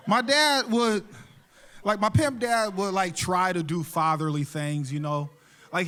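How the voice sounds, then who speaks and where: A man's voice: sits high, a bit bright. A man doing a stand-up comedy set on a theater stage into a handheld mic, telling casual profane stories and laughing often between punchlines. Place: theater stage before a live audience.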